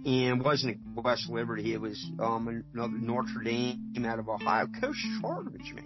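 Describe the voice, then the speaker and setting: A man's voice: medium pitch, animated, a little slow, muffled recording, loud music behind the voice. A man who scouts and formerly refereed, talking on a podcast in an emphatic way, repeating himself and acting out conversations. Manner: emphatic, repeats himself, acts out quoted exchanges. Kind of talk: podcast interview.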